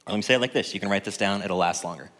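A man preaching as a pastor, conversational and joking, swinging from loud to hushed. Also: lowish voice, rapid-fire. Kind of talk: sermon. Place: church sanctuary. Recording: long reverb in a church hall.

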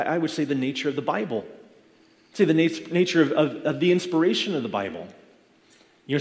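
A man, a pastor, giving a sermon in a conversational, explaining way, often restarting his phrases. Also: a little high. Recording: long reverb of a large hall.

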